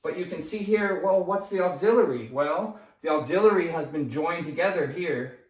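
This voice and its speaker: A man's voice: a little high, moderate pace. A man teaching an English grammar lesson at a whiteboard, explaining patiently, often checking "right?" and "okay?" and correcting himself as he writes. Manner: restarts and self-corrections while writing. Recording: echoey room, voice from a distance.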